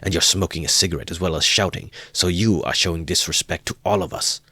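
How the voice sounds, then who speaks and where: A man voicing a poor, feverish young student who answers back slowly and stubbornly in a storybook reading. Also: sits low, sharp tone, husky, dry recording, full character voice. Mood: defiant. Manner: faltering, then defiant.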